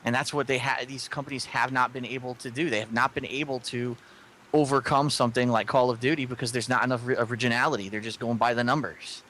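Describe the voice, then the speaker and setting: Male co-host, tense bright tone, emphatic ranting; faint noise in the background. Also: mid-range voice, fairly even intonation, fast. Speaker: co-host of a gaming video. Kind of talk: opinionated gaming discussion.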